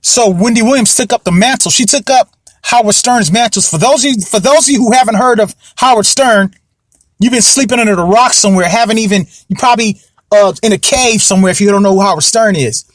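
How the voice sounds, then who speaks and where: A man's voice: sits high, fairly quick, no echo, clean studio sound. A young man hosting a casual commentary podcast, rambling and repeating himself, often asking if you know what he means. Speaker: podcast host.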